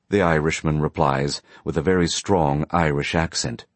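A man narrating a story in a steady, plain storytelling manner. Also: extremely low pitch, normal speed, hardly any pauses, no room sound. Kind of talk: audiobook narration.

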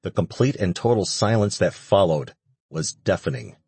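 A man reading a fantasy audiobook in steady scripted narration. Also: deep voice, moderate pace, slightly rough, dry recording.

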